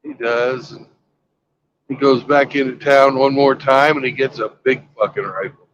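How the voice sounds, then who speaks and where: A man's voice: medium pitch, fairly even intonation, normal speed, lo-fi sound. A man chatting casually while travelling by road, rambling through a crude joke in a mid-range voice. A faint hiss sits underneath him. His delivery is loose and unpolished. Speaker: vlogger. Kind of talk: casual chat and joke telling on a road trip.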